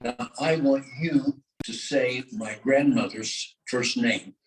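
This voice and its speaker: An older man giving a talk at a luncheon, halting with many filler sounds and drawing the audience in with questions. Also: mid-range voice, far from the mic, a little hiss or hum, rough recording. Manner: engages the audience with questions and call-and-response. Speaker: guest speaker. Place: luncheon meeting room. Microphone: microphone held at a distance. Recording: voice heard from off the mic.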